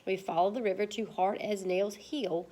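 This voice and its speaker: A woman's voice: mid-range voice, fairly even intonation, normal speed, mellow, lightly acted. A woman voicing a clever, smug young female mouse from a storybook, speaking in a self-assured, explanatory way. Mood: explaining.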